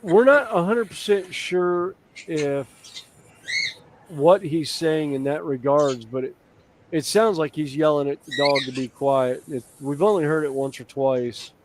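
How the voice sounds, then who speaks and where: A man's voice: fairly high pitch, a little slow, noisy background. A man chatting casually as a live stream host, telling rambling stories full of fillers and restarts. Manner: rambling, filler-heavy storytelling. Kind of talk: casual chat.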